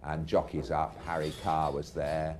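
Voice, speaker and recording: A man's voice: very deep voice, level tone, a little slow, noisy background. A middle-aged man, a racehorse trainer, telling anecdotes in a dry, erudite way to a live audience in a pub. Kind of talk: anecdotal storytelling.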